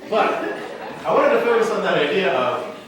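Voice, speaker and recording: A Midwestern American man in his thirties, a pastor preaching a sermon and retelling a movie scene with lively, animated storytelling. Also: high-pitched, moderate pace, a crowd in the background. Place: church sanctuary. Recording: echoey church sanctuary, mic at a distance.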